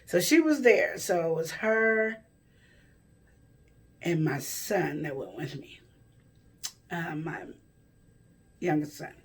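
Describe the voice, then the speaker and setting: A woman's voice: lowish voice, expressive, slow, long pauses, recorded from a distance. A woman vlogger telling a personal story to camera in a rambling, self-correcting way.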